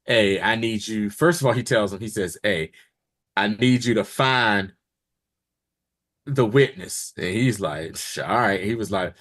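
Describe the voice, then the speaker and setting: A male podcast co-host with a lowish, breathy-edged voice speaks a little slowly, leaving long pauses. He's animated as he casually recaps a TV episode and acts out what the characters said.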